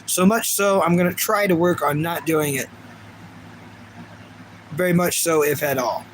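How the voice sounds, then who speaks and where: A little hiss or hum accompanies a man in his 30s who livestreams in a fairly high voice, speaking a little slowly. He chats casually and reads viewer comments in a rambling way, with frequent restarts.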